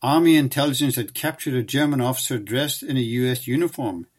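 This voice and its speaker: A man giving scripted documentary narration in a measured, even reading style. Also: mid-range voice, husky.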